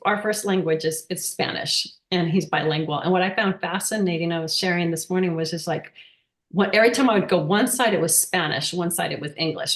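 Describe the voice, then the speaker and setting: A woman sharing a heartfelt personal story on a video call, talking in a halting, emotional way with many restarts. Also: mid-range voice. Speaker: workshop participant sharing a story. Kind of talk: casual testimonial. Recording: roomy echo.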